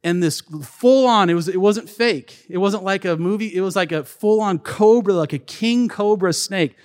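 A man preaching a sermon as pastor, telling a lively story and acting out the people in it before moving into scripture. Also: high-pitched, normal speed. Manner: animated storyteller, acts out quotes, bursts into shouts. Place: church sanctuary. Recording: long hall reverb.

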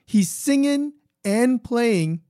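A man's voice: extremely high pitch, expressive, very slow, mellow, no room sound, studio quality. Easygoing man hosting a podcast. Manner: easygoing, storytelling. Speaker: podcast host. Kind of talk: casual chat.

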